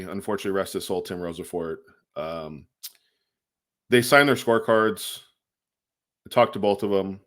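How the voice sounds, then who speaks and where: A man with a very deep voice co-hosts a casual podcast. He tells a long anecdote in a loose, chatty way, acting out the quoted lines and filling pauses with ums and likes. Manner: animated storyteller, acts out quotes, many fillers. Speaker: podcast co-host. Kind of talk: casual storytelling.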